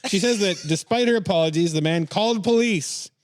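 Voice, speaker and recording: A man's voice: sits high, a little fast, no echo, clean studio sound. A man hosting a comedy podcast, reading news headlines aloud and joking with puns and frequent laughs. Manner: jokey, laughs often, puns. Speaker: podcast host.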